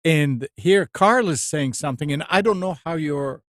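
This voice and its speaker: A man hosting a casual tech talk show over a video call, speaking in a halting, deliberate way. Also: on the high side, no echo, clean studio sound.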